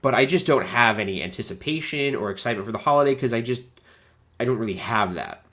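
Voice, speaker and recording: A man in his thirties from the United States with a stuffy nose, hosting a chatty, animated livestream. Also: medium pitch, fast talker. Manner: chatty and animated, many fillers. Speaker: host. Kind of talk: casual livestream chat.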